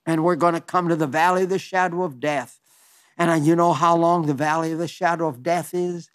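A man in his nineties delivers a heartfelt sermon, his voice sitting noticeably high for a man. He speaks fervently and folksily, stumbling over restarts and circling back to his point. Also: steady tone, a little fast, clear, resonant tone. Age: 90s. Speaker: preacher.

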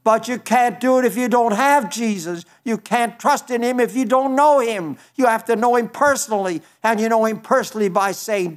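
Male preacher, high voice, earnest, repetitive exhortation, slows for emphasis. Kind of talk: sermon.

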